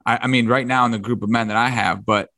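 A man's voice: mid-range voice, fairly even intonation, quick pace, pushed and bright, no room sound. A man hosting a podcast, talking enthusiastically in casual chat, often restarting his sentences and calling his guest "bro". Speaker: podcast host.

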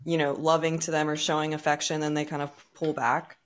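Low-voiced woman podcast host. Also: flat delivery, a little fast. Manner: attentive, asks open questions, short affirmations. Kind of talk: interviewing, brief reactions.

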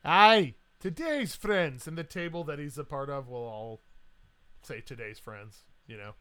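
A man narrating a tabletop game as game master, in a casual, lively way full of fillers. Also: medium pitch, normal speed, clear, resonant tone.

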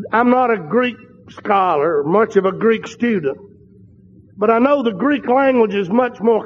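A man preaching a sermon, slow and emphatic, repeating phrases for stress. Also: high-pitched. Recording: dull recording in a reverberant hall.

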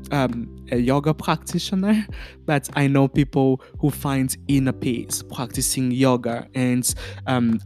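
A man's voice: medium pitch, a little mellow. A man with a French accent hosting a podcast, giving an earnest motivational talk full of fillers and restarts. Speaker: podcast host. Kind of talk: motivational monologue.

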